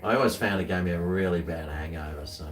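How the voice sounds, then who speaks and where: Laid-back low-voiced Australian man. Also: fast talker, echoey room, far from the mic, soft background music. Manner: rambling, with many restarts and fillers. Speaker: co-host of a live stream. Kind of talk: casual chat.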